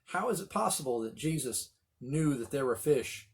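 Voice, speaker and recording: A middle-aged man leading a Bible study, telling the story with animated voices for the quoted lines. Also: medium pitch, moderate pace. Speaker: pastor.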